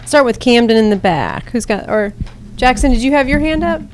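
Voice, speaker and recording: A woman's voice: fairly high pitch, lively intonation, normal speed. A woman teacher leading a classroom book discussion, encouraging students and repeating their answers back to them. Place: school room with students.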